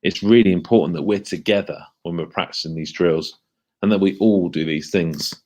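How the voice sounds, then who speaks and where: A man leading a school assembly for children, speaking in a lively, questioning way and slowing down to stress key words. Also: low-pitched.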